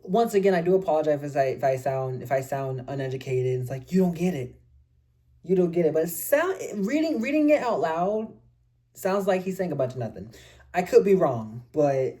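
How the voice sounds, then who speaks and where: A woman's voice: low-pitched, very animated, normal speed, dark tone. A woman chatting casually in a book review vlog, reading passages aloud and teasing herself as she goes. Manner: chatty and self-deprecating, reads passages aloud.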